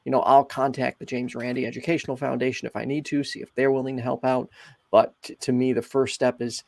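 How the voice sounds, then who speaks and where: A man hosting a call-in show, chatting in a relaxed, friendly way with many fillers. His voice sits at a middle pitch with a gravelly edge. The mic is close and dry. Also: fairly quick, no echo. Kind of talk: casual call-in talk.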